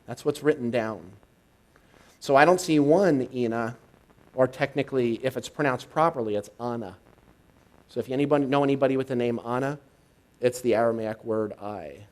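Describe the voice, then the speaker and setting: A man's voice: medium pitch, a little mellow, low-quality recording. Reflective male minister giving a sermon. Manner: teaching, reflective, unhurried. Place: spiritual center congregation, live.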